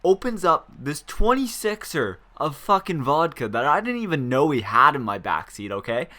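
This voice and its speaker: Young guy telling a wild story, lots of swearing, voice a bit high. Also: moderate pace. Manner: animated, swearing, quotes friends in voices. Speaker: vlogger. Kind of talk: casual storytelling.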